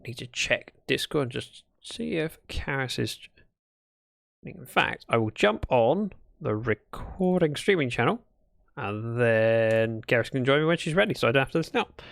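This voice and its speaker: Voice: mid-range voice, lively intonation, normal speed, creaky, a bit bright, dry recording. A livestreamer chatting casually and playfully, telling little stories while playing. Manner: chatty, playful, storytelling asides. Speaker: Minecraft livestreamer. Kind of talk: casual gaming livestream chat.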